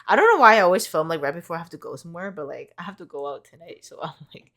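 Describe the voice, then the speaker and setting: A young woman reading tarot, chatting casually and excitedly, rambling with fillers and casual swearing. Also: on the low side, very fast. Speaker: tarot card reader.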